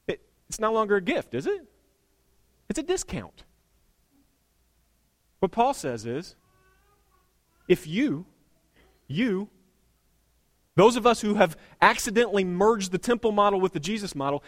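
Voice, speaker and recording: A man giving a conversational sermon as a pastor, with joking asides and slowed words for emphasis. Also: high voice, lively intonation, no echo, clean studio sound.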